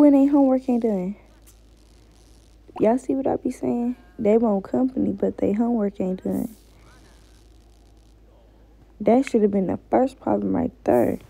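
A woman's voice: medium pitch, creaky, warm tone, slight background noise, poor audio. A woman giving casual, slangy commentary while playing a game and talking to her viewers. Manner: slangy, chatty, talks to viewers. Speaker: gamer.

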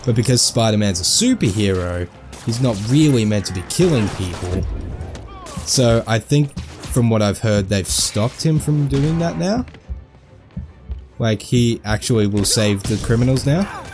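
A man giving casual, jokey let's-play commentary, excitable and full of goofy asides. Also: medium pitch, measured pace, music in the background. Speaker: gameplay commentator.

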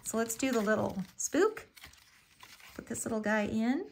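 A woman with a slightly high voice leads a live papercraft tutorial. She chats along easily as she works, filling pauses with ums and calling everything little and cute. She sounds middle-aged. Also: expressive, creaky, a little hiss or hum. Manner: chatty and homey, fond of "little" and "so cute", with frequent ums. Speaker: craft tutorial host.

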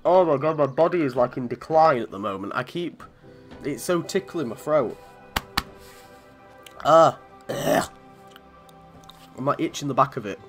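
A man's voice: medium pitch, animated, a little slow, long pauses, soft background music. A man from commentating on a video game in a chatty, sweary way, often laughing. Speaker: gaming channel host.

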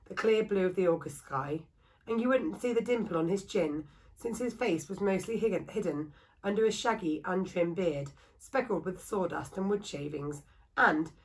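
Female reader, storybook read-aloud for children, steady and expressive. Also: lowish voice, normal speed, poor audio. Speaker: school staff reader.

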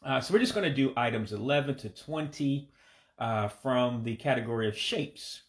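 A man in his forties from the United States teaches a relaxed, homemade language lesson. He talks casually with plenty of fillers and restarts. He says each new word slowly and repeats it, in a middle-pitched, everyday voice. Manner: relaxed, hesitant, many fillers, repeats words slowly for practice. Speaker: language learner teaching vocabulary.

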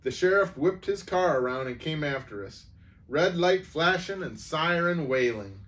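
A man's voice: a little high, animated, unhurried, a bit bright. A man reading a humorous story aloud, voicing each character in turn.

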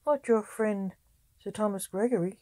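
A woman's voice: mid-range voice, normal speed, mellow, dry recording, natural voice. A woman voicing an eager, chatty earl, said to have a French accent, in her own plain storybook reading voice.

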